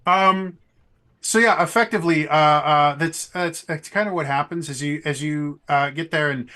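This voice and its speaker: A man running a tabletop game as game master, narrating the story in a halting way, with many restarts and fillers. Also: fairly high pitch, bright, forceful tone.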